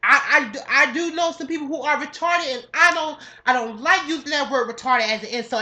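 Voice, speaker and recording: A young woman from New York State rants casually on a podcast. Her voice sits a little high and rings bright and forceful. She talks in a profane, emphatic, slangy way, circling back over her own points. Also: fairly quick, hardly any pauses. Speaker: podcast co-host. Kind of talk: casual ranting monologue.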